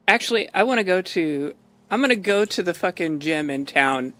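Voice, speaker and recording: A man's voice: high-pitched, fairly bright tone, dry recording. A man streaming a role-play game, rambling out of character in casual, profane chat and laughing often. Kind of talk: out-of-character gameplay commentary.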